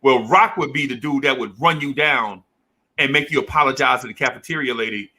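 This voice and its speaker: A man's voice: mid-range voice, brisk, bright, forceful tone. A middle-aged man telling a childhood story in casual chat, acting out the people in it with lots of slang. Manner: acts out teachers and kids in quoted voices, heavy slang.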